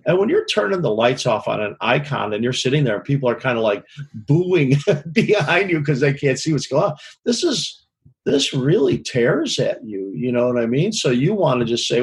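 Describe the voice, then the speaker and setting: Husky-voiced man telling frank road stories. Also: on the high side, sing-song, normal speed. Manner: rambling, frank, swears, keeps asking "you know what I mean?". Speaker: touring concert lighting director. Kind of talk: casual interview storytelling.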